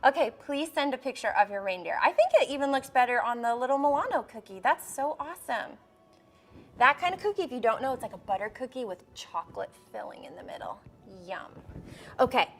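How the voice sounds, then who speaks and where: A young woman's high, animated voice moves fairly quickly as she hosts a live baking demonstration for kids. Bubbly and coaxing, she speaks directly to the children watching at home.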